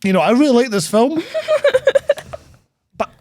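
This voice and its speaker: A man's voice: very high-pitched, wildly swooping pitch, takes it slowly, darkish tone, no room sound. A man co-hosting a casual film podcast, recapping scenes in a rambling way, swearing often and laughing as he goes. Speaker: podcast co-host.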